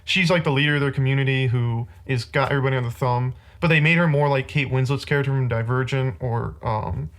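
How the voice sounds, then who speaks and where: A man's voice: medium pitch, fast talker, hardly any pauses. A man hosting a casual podcast, rambling through a rant about bad movies and laughing often.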